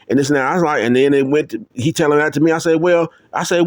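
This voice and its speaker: A man telling a personal story in a casual, rambling way, full of fillers and restarts, getting higher and louder as he gets worked up. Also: rapid-fire, few pauses, no room sound, studio quality. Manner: rambling, many fillers and restarts, rises in pitch when heated. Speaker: testimony speaker.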